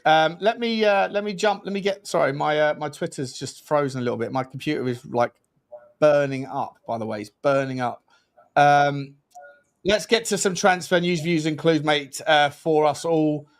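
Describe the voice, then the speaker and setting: Man, football podcast co-host, casual laddish chat, slightly high voice. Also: moderate pace. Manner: chatty, laddish, lots of "mate".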